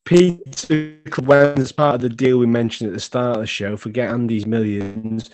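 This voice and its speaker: A man's voice: mid-range voice, fairly even intonation, moderate pace, a little mellow, dry recording. A man co-hosting a casual football fan podcast, rambling, laughing easily and tripping over his words. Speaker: podcast co-host.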